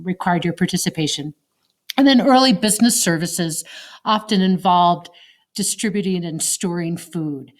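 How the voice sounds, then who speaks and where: Woman teacher, recorded online lecture, conversational, quizzes the class. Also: lowish voice. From Colorado, United States. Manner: conversational, asks the class questions.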